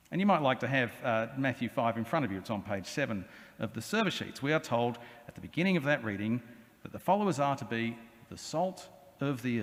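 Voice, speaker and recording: A man, an Anglican priest preaching a sermon with humorous asides and acted-out questions. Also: a little high. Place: cathedral. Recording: long cathedral reverb.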